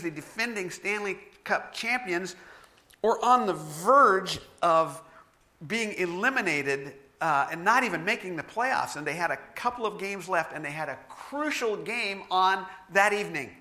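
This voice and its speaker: A man's voice: high voice, lively intonation, measured pace, pushed and bright. A middle-aged man preaching a sermon, telling stories with self-deprecating humor. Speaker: pastor.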